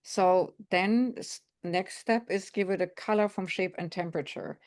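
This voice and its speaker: A middle-aged woman, a psychic consultant, calmly explaining spiritual exercises step by step. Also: on the low side, normal speed. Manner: calm, instructive, explains step by step. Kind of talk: guided spiritual instruction.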